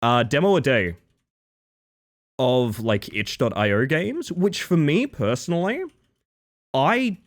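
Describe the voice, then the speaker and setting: A male streamer chats casually with his live audience in a playful, joking way. His pitch jumps around a lot as he greets people one by one. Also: expressive, takes it slowly, long pauses. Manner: playful, greets chat one by one, jokey asides.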